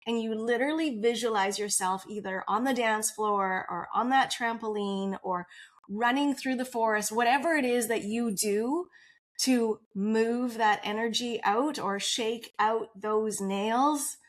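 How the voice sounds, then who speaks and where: A woman's voice: a little high, unhurried. A woman guest on a podcast interview, telling her personal story in an open, earnest way and laughing often.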